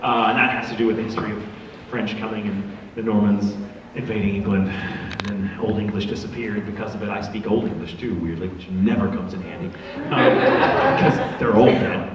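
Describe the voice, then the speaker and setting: A man's voice: lowish voice, fairly quick, far from the mic, lo-fi sound. Guy voice actor doing a con panel q&a, jokey, swears a lot, super echoey hall, crowd noise. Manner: animated, joking, swears freely. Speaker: voice actor answering fan questions. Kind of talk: convention panel Q&A. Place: large convention hall with audience.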